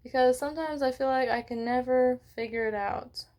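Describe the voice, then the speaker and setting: Friendly read-along host, woman, slightly high voice, stops often to ask readers questions. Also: moderate pace, darkish tone. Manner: chatty, stops to ask questions and apologize for slips. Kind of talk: children's book read-aloud.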